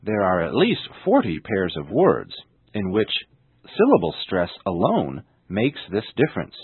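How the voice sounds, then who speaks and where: Male English teacher, deliberate scripted delivery, heavy stress on key words; tinny lo-fi broadcast sound. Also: deep voice, wildly swooping pitch, breathy edge, no echo. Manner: slow, deliberate, exaggerated stress on example words. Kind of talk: scripted language lesson. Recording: tinny narrow-band radio sound.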